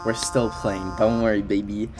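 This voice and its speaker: A man livestreaming a game in casual chat, excitable and emotional, gushing over what he sees, at his desk at home. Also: fairly low pitch, normal speed. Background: faint game music.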